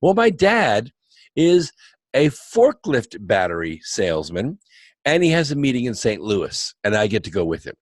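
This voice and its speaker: A man putting on the voice of an excited seventeen-year-old waitress while he tells a story. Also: mid-range voice, normal speed, dry recording, studio quality, voice pushed up. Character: excited teenage waitress girl.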